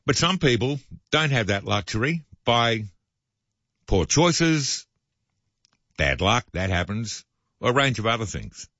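A man's voice: mid-range voice, big pitch swings, measured pace, long pauses, a bit bright, no room sound, highs cut off. A man hosting talk radio, reading news items and adding sardonic, opinionated asides. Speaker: radio host.

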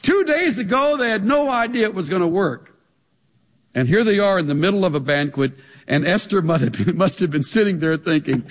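A man preaching a sermon, animated, with pointed rhetorical questions. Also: high-pitched, a little fast. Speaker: pastor. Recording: long hall reverb.

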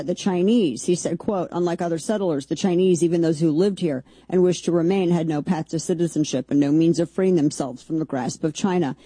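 A woman's voice: on the low side, mellow, breathy edge, dry recording. A woman hosting a talk show, giving emphatic, indignant political commentary with rhetorical questions.

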